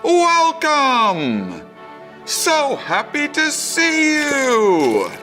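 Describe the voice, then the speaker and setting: A man's voice: very high-pitched, wildly swooping pitch, drawn-out words, bright, forceful tone, soft background music, pitched above the performer's own voice, full character voice. A man voicing a cheerful glowing light being that greets him eagerly and coaxes him along. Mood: overjoyed.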